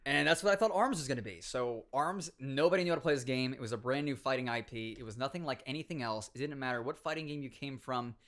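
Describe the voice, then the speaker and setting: A man's voice: mid-range voice, quick pace, hardly any pauses, a bit bright. A young man, a podcast guest, telling stories in casual chat, acting out other people's lines and swearing freely. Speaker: podcast guest, former pro gamer.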